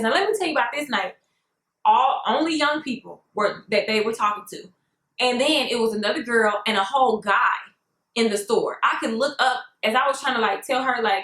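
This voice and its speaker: A young woman telling a story on her vlog in a sassy, animated way, often calling her viewers "girl". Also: high voice, moderate pace, roomy sound, poor audio. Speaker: vlogger.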